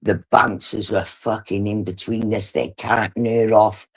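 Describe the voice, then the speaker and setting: A middle-aged British woman hosting a livestream speaks in a rumbling low voice with a breathy edge and a measured pace. She retells a story bluntly and animatedly as casual storytelling, swearing heavily.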